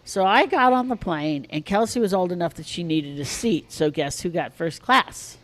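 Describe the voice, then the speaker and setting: A woman in her sixties telling animated stories on a podcast, casually swearing and acting out a child's shrieks. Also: lowish voice, moderate pace. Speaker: guest storyteller.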